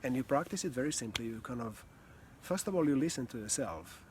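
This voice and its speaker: Man, voice coach, calm and earnest, unhurried reflective delivery, faint hiss behind. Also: mid-range voice. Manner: calm, earnest, slow with pauses, occasional sighs and soft laughs. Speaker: communication and voice coach. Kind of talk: reflective teaching talk.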